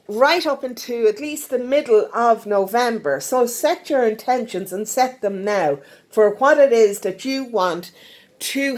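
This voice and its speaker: Brief: an Irish tarot reader, fairly high-voiced, coaxing and repetitive. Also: female voice. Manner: repetitive, coaxing, frequent "okay?". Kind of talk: casual tarot reading.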